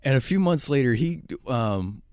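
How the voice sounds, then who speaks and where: A man's voice: medium pitch, moderate pace, no room sound, studio quality. A man from Virginia, co-hosting a radio show, telling a story in casual chat and acting out the people in it. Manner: animated, acts out the people in his stories.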